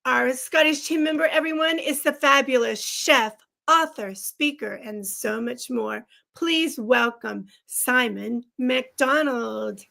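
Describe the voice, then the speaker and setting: A woman's voice: sits high, slow, vocal fry, few pauses, sharp tone. A woman hosting a casual chat show, effusive and full of compliments for her guests. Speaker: host.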